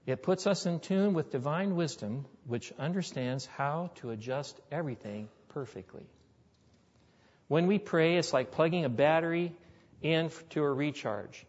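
A man's voice: fairly high pitch, lively intonation, normal speed, darkish tone. A male pastor preaching a sermon, telling stories in a folksy, conversational way. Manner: storytelling, folksy. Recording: echoey hall, dull lo-fi sound.

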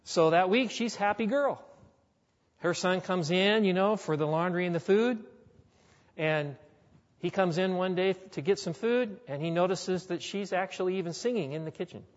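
A male pastor with a high-pitched voice preaches a sermon at normal speed, telling stories in a folksy, conversational style. The recording is lo-fi and dull, made in an echoey hall.

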